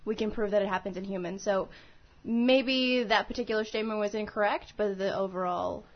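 A woman's voice: medium pitch, steady tone, brisk, lo-fi sound. A woman co-hosting a podcast, chatting casually with a teasing manner and an easy laugh. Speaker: podcast co-host. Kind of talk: casual chat.

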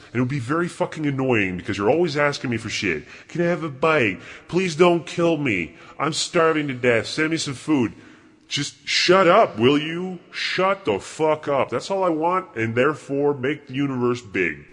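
A man playing a crude, contemptuous God in a comedy bit, talking in a profane, rambling, mocking way with a husky voice. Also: mid-range voice. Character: crude arrogant male God, bored and contemptuous.

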